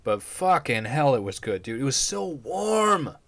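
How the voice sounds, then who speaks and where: A man's voice: medium pitch, sing-song, unhurried, fairly bright tone. A man hosting a podcast, talking casually in a rambling, profane, laid-back way. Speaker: podcast host. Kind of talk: casual chat.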